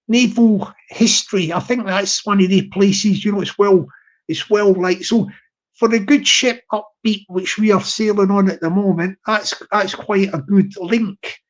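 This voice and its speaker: A man's voice: sits high, muffled recording. A man hosting a live stream, chatting in a rambling way with many restarts and tangents. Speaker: livestream host.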